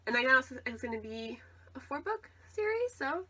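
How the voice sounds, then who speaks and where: Bright, chatty young woman vlogger. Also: high-pitched, sing-song, moderate pace. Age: young adult. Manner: chatty, rambling, with frequent "like" and "um". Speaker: book vlogger. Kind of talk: casual vlog chat.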